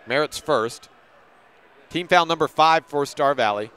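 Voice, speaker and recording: With a smooth, slightly bright voice, a local radio announcer calls a high school girls' basketball game briskly. Occasionally he fixes a name he got wrong.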